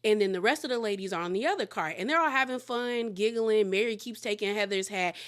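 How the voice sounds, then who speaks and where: A young adult woman casually recapping a reality show episode, chatty and animated, with lots of "like" as she retells scenes. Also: mid-range voice, quick pace.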